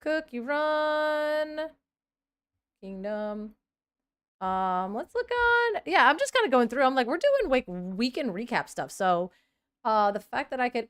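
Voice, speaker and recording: This woman in her thirties speaks slowly in a smooth, high-sitting voice while chatting on a live stream. She reacts aloud to whatever she scrolls past, breaking now and then into excited squeals.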